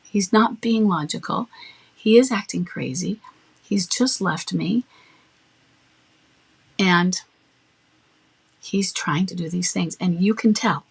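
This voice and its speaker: Firm, husky-voiced woman giving advice. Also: lowish voice, takes it slowly, long pauses. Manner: firm, matter-of-fact, acts out little dialogues. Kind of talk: advice talk.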